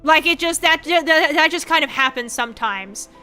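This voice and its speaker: High, bright-voiced young woman streamer. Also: moderate pace, soft background music. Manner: rambling, profane, frank, animated. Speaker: VTuber streamer. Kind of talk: casual chat stream.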